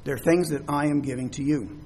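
A man's voice: a little high, fairly even intonation, a little fast, darkish tone, slight background noise. A man preaching a sermon, explaining scripture words with everyday examples. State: coughing, throat troubled. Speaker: pastor.

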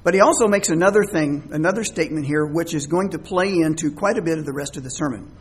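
A man's voice: on the high side, fast talker, husky. A man preaching a sermon, explaining scripture words with everyday examples. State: coughing, throat troubled. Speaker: pastor.

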